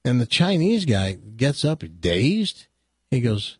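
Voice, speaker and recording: A husky-voiced man hosting a talk radio show from the studio, telling a joke with lively swings in pitch. His voice sounds dry and close on the mic, and he breaks into indignant asides. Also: normal speed, no echo. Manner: animated storyteller, indignant asides. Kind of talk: casual chat and joke telling.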